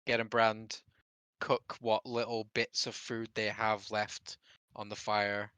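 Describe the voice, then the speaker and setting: A man's voice: lowish voice, little pitch movement, takes it slowly, pushed and bright, clean tone, dry recording. A man, narrating a tabletop game as game master in a loose, rambling way.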